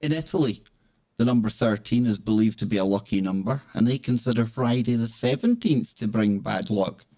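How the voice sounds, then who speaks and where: A man's voice: fairly low pitch, expressive, moderate pace, warm tone. A man hosting a live talk show, reading items and joking around playfully. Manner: jokey, playful, breaks into laughs and exclamations. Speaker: host. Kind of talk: casual live show chat.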